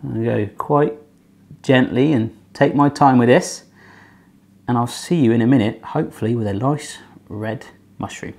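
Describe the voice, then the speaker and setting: A man's voice: mid-range voice, normal speed, vocal fry, pauses often, a little mellow. A man hosting a casual home baking tutorial in his kitchen, chatty and playful with puns and jokes. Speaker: self-taught home baker hosting a cooking channel.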